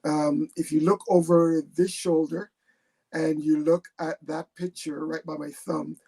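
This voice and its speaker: A man's voice: on the high side, little pitch movement, a little slow, creaky, mellow, breathy edge. A man born in England and raised in Jamaica, a guest telling his story on a video call, hesitant and repeating his words. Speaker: guest, retired army captain.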